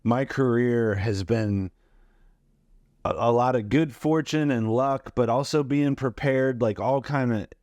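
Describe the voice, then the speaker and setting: A man's voice: mid-range voice, unhurried, no room sound. A man in his forties, a comedian guest, telling stories animatedly and acting out the quotes, with plenty of fillers. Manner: animated anecdotes, acts out quotes, lots of fillers. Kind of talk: storytelling interview.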